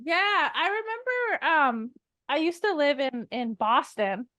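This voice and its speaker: Canadian-born woman cohosting a podcast, high voice, giggly chatty storyteller, dry close sound. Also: animated, unhurried, sharp tone, dry recording. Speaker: podcast co-host. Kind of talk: casual podcast chat.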